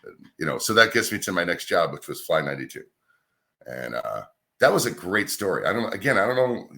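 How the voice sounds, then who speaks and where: A male radio host from New York's Capital Region, telling stories from his career in a relaxed, chatty interview. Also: deep voice, a little fast, creaky. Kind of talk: casual interview storytelling.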